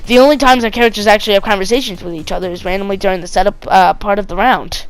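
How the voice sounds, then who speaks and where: A woman's voice: medium pitch, steady tone, racing, no echo, soft background music, rough recording. A woman reading a creepy story aloud, breaking off for sarcastic, wry asides.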